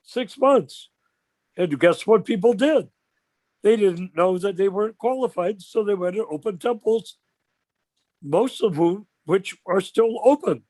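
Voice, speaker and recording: Animated older man, high dry voice. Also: a little slow, dry recording. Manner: animated storyteller, rhetorical questions. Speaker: discussion leader. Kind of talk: informal religious discussion on a video call. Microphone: video call.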